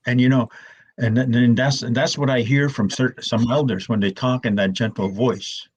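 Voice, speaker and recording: An older man, an elder telling stories in a gentle, slow way, often restarting his words, with a husky voice. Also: medium pitch, steady tone. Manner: soft, slow and repetitive, with many restarts. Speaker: elder storyteller. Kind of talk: gentle storytelling talk.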